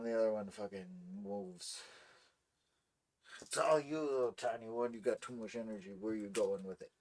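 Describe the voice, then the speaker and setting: A man's voice: lowish voice, moderate pace. A man streaming from home who keeps talking to his two dogs, half scolding and half coaxing them, with some swearing and baby talk.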